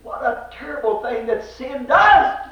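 A man preaches a fervent revival sermon in a very high voice, drawing his words out slowly. He swings between shouted cries and hushed, low lines. The recording is echoey and dull, like an old tape of a church service. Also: animated.

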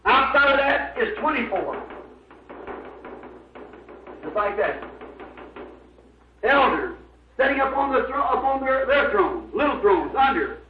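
A man's voice: extremely high pitch, big pitch swings, measured pace, pauses often, soft background music. A man preaching a sermon, fervent and emphatic, spelling out words letter by letter. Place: church. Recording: echoey, dull lo-fi old recording.

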